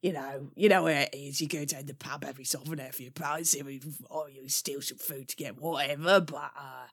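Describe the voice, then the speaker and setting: A woman's voice: sits low, fairly even intonation, fairly quick, fairly bright tone, husky, pitched below the performer's own voice, full character voice. Woman doing a rambling cockney raven bloke. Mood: confiding. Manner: rambling, drops "innit". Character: male raven, streetwise cockney big brother.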